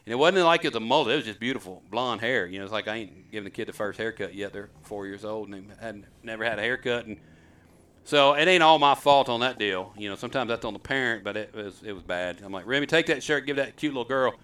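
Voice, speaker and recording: A man's voice: on the low side, expressive, fast, fairly bright tone, clear, resonant tone, far from the mic. A middle-aged man, hosting a show and telling stories in a rambling, self-deprecating, folksy way. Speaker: host. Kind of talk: casual storytelling chat.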